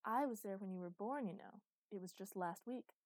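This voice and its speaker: A woman reading an audiobook, voicing a doting older female teacher with a velvety, smooth voice who gushes with affection. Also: mid-range voice, normal speed, a little mellow, no room sound, lightly acted. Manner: gushing, affectionate.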